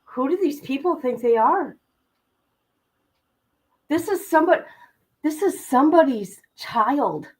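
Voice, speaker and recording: A woman's voice: high voice, animated, unhurried, pauses often, low-quality recording. A woman hosting a true-crime livestream, talking indignantly and directly to her viewers. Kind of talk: heated livestream commentary.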